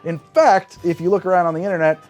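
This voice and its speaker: A man hosting a cocktail show, explaining a drink's history in an animated storytelling way and describing flavors aloud as he tastes. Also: sits high, quick pace, faint music behind. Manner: animated storytelling with big swings in emphasis. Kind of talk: conversational explainer.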